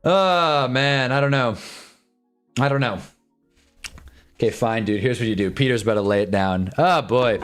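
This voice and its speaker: A man's voice: medium pitch, moderate pace, pauses often, soft background music. A young man in his twenties from Southern California, chatting casually on a live stream, rambling and joking with frequent laughs.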